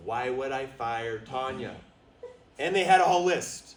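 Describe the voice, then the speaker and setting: A man giving a lively storytelling talk as a motivational speaker, drawing answers from a small live audience. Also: a little high, moderate pace, reverberant, far from the mic, poor audio. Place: retreat meeting room with a small audience.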